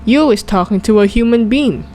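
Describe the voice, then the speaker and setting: A woman voices a huge, brutish male giant who eats people, booming and hurling insults. Her voice jumps higher when he shouts, over faint background noise. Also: lively intonation, normal speed, lightly acted. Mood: bullying. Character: huge brutish male man-eating giant, bullying and loud.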